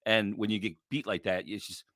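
A man's voice: fairly low pitch, fairly even intonation, fairly quick, fairly bright tone, dry recording, studio quality. A man co-hosting a casual sports podcast, blunt and jokey, swearing casually. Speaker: podcast co-host. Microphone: podcast microphone with headphones.

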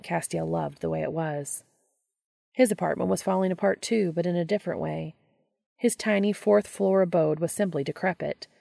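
A woman narrating a story aloud in a calm, steady reading voice. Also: fairly low pitch, gravelly, no echo, studio quality. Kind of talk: audiobook reading of fan fiction.

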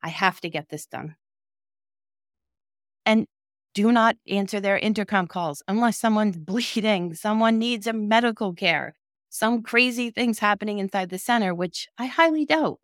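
A woman's voice: medium pitch, moderate pace, no room sound, clean studio sound. A woman coaching child care directors in a direct, encouraging and emphatic way. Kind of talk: motivational talk to camera.

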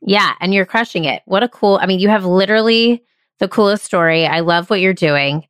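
A woman's voice: medium pitch, fairly quick, a bit bright, clear, resonant tone, dry recording. Enthusiastic woman podcast host, dry sound. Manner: effusive, enthusiastic. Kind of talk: casual interview chat.

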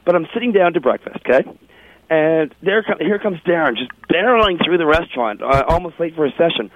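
A man's voice: fairly high pitch, expressive, brisk, a little hiss or hum. A man hosting a casual radio talk show, telling a funny story with plenty of laughs and restarts. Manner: chatty, laughing, self-interrupting. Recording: tinny phone-like radio audio.

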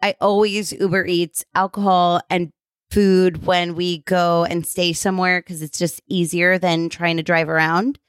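A woman guesting on a podcast, chatting casually and retelling a story with lively self-mockery. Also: fairly low pitch, unhurried, clear, resonant tone, no echo, studio quality. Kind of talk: casual chat.

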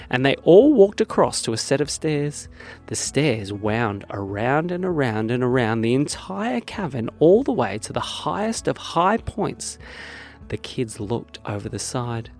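A man narrating a children's bedtime story in a lively, animated way. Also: medium pitch, unhurried, faint music behind. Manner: lively storytelling that swings from bright to hushed.

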